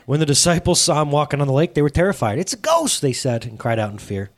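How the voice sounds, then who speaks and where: Middle-aged male pastor, casual sermon, animated and chatty, quips at his own expense, quizzes the congregation. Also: medium pitch, quick pace. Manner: conversational, self-deprecating, asks the congregation questions.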